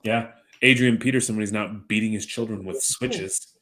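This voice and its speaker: A man's voice: on the low side, steady tone, normal speed, pushed and bright. Rambling, swearing man telling stories. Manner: rambling storyteller, swears freely, dry jokes. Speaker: podcast co-host. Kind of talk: casual chat.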